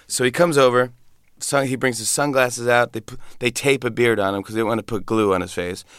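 A man, a comedian, telling a lively story in an interview and acting out other people's voices. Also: medium pitch, brisk, clear, resonant tone, no echo, clean studio sound. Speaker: comedian guest.

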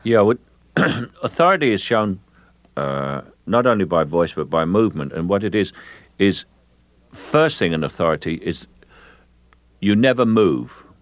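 An older man from England, an actor being interviewed on radio, who speaks in a slow, measured way and repeats words while he thinks. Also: sits low, very animated, no room sound.

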